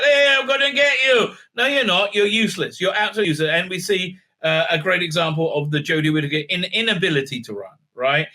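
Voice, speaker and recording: A man's voice: on the high side, bright, forceful tone. A man giving a casual, mocking review commentary, full of filler words and restarts. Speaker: TV show reviewer.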